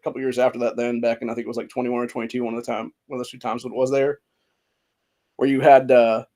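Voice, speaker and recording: Man, angry rant, profanity-laden, heated, mid-pitched voice, studio. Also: a little mellow. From Ohio. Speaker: podcast host.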